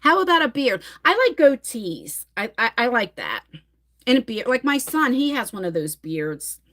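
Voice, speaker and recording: A woman's voice: on the high side, big pitch swings, moderate pace, fairly bright tone. A middle-aged woman from New Jersey with a New Jersey accent, chatting casually on a livestream, rambling and reading viewer comments aloud. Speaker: livestream host.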